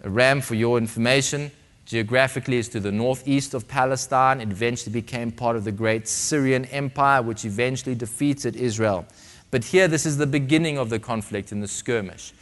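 A man preaching a sermon, dramatic, swinging between loud emphasis and hushed, quiet passages. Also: mid-range voice, brisk.

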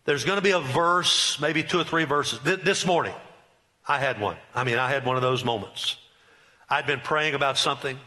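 A man's voice: mid-range voice, normal speed, sharp tone. A middle-aged man preaching a sermon, emphatic and repetitive, with rising bursts. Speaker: pastor.

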